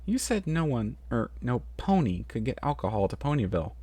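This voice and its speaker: A man voicing a bubbly, excitable young female pony who rambles in a high, giddy voice in a storybook reading. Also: fairly quick, breathy edge, dry recording.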